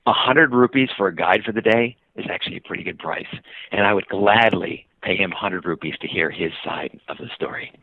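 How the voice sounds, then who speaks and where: Gravelly man telling a story down a phone line. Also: low voice, fairly quick. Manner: animated storyteller, many fillers. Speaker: guest, traveler and author. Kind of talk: storytelling in a podcast interview. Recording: tinny phone line, dry.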